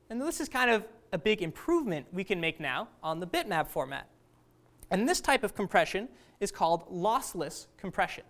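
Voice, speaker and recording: A woman's voice: mid-range voice, expressive, quick pace. A woman teaching a class in a casual, conversational lecture, often asking the students questions.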